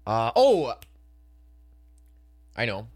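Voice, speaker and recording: A man's voice: medium pitch, wildly swooping pitch, extremely slow, a little mellow. A young man hosting a casual solo podcast, ranting, swearing freely and laughing as he acts out customers in voices. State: hiccuping. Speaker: podcast host and comedian.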